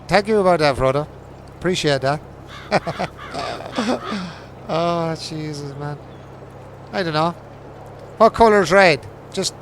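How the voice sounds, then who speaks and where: A man's voice: fairly high pitch, slight background noise. A man hosting a livestream of a farming game, chatting casually with his viewers and teasing them in jokey banter, laughing often and swearing freely. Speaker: livestream host. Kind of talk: casual chat while playing a farming game.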